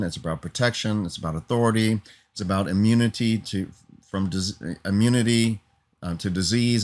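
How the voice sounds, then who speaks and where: A man preaching an earnest teaching sermon, building emphatic lists and often asking "Amen?" for assent. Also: lowish voice.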